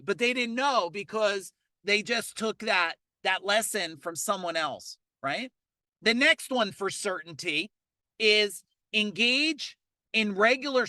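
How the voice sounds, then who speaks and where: A man coaching a live motivational webinar in a fast, energetic delivery. His voice is forceful and punchy, with a dry, close sound and no room echo. He repeats key points and keeps prompting the audience to respond. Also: high-pitched. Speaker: business coach leading an online challenge. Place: outdoors in a parking lot.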